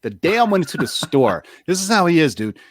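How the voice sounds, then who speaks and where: A man co-hosting a casual comics chat show, telling stories in a loose, animated way and acting out the people in them. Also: on the high side, fast, dry recording, studio quality. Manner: animated storytelling, loud swearing, acts out other voices. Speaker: podcast co-host.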